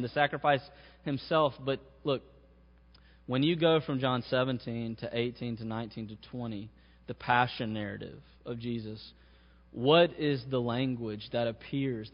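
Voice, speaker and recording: A man preaching a sermon, his voice rising to stress key phrases. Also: mid-range voice. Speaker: pastor. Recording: muffled sound with long hall reverb.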